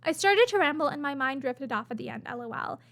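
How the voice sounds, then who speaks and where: Chatty high-voiced woman reading messages. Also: lively intonation, fast talker, fairly bright tone. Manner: chatty, many fillers, gushes and laughs. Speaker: commentator reading screenshots. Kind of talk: casual reaction commentary. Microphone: webcam-style desk setup.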